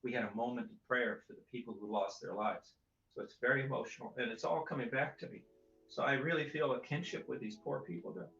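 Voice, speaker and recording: Man, interview guest, measured storytelling, hesitant fillers, roomy dull broadcast sound. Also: mid-range voice, creaky, fairly bright tone, soft background music. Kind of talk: recounting a personal experience in a broadcast interview.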